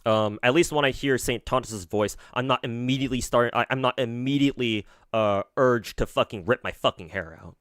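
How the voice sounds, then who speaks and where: A man's voice: mid-range voice, a little fast, hardly any pauses, a bit bright, dry recording, clean studio sound. A man streaming, reacting to a video with mocking, profane, sarcastic commentary.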